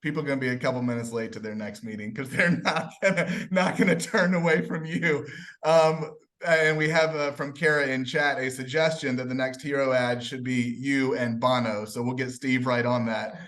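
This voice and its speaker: A man's voice: mid-range voice, fairly even intonation, normal speed, fairly bright tone. A man moderating an event, thanking the guest and giving closing remarks in an appreciative, formal way.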